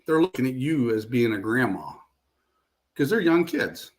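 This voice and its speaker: A man's voice: mid-range voice, very animated, moderate pace. A man being interviewed as a paranormal investigator, telling a long story in a casual, rambling way and repeating "I said" and "she goes" often.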